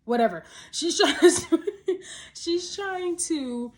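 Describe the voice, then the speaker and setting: A woman's voice: extremely high pitch, slow pace. Chatty woman recapping a TV episode. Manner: animated, chatty, laughs often, rhetorical questions. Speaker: TV episode reviewer. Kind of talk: casual spoken episode recap.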